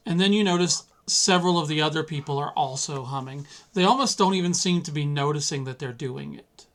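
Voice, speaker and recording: A man narrating as game master of a tabletop role-playing game, in a loose, halting way with many fillers. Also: a little high, fairly bright tone.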